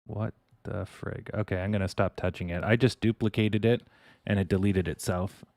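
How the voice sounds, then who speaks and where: A man's voice: fairly low pitch, fairly even intonation, normal speed, darkish tone, dry recording, clean studio sound. A man hosting a casual stock trading livestream, rambling, chuckling and swearing offhand.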